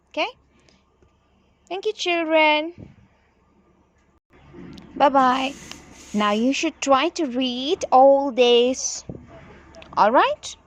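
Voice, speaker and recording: A woman's voice: sits high, extremely slow, pauses often. A woman teacher with a Mizo accent, explaining an English children's poem to her students in a sing-song classroom reading voice. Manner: sing-song reading with exaggerated rises and drops.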